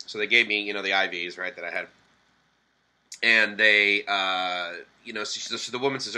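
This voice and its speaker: Bright-voiced man rambling through a travel story. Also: on the low side, normal speed, poor audio. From Boston area. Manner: rambling, with many fillers and self-corrections; animated quoted dialogue. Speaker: vlogger. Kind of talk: casual storytelling to camera.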